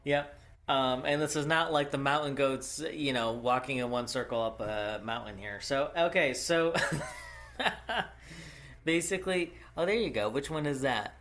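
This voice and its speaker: A man co-hosting a casual podcast at an unhurried, slow pace. He keeps breaking into laughter and halting with fillers as he reads out his notes. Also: mid-range voice, a bit bright. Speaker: podcast co-host. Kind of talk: casual chat. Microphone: podcast microphone.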